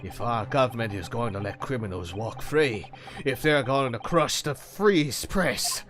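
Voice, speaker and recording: A brash, angry young newspaper reporter, put on by a man reading a video game aloud, shouting his case in an old-timey newsboy accent. He talks loud and indignant, with rough grammar and a raised, heated pitch. Faint music sits underneath. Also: unhurried, close to an everyday voice. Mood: defiant.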